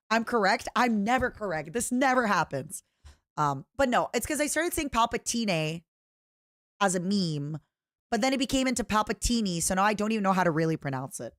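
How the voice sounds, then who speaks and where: A woman's voice: mid-range voice, animated, normal speed, fairly bright tone, no echo, studio quality. A woman from Eastern Europe streaming, chatting playfully with her chat and often breaking into giggles. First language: French-schooled, non-native English.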